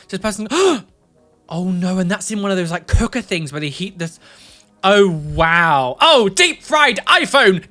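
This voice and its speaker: A woman's voice: on the low side, fairly bright tone. A young woman giving rambling, chatty reaction commentary on video clips.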